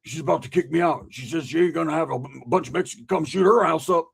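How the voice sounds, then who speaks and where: A man voicing a paranoid, panicky friend on the run who pleads frantically and sounds high. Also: fast, vocal fry, slightly rough, exaggerated voice. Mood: urgent.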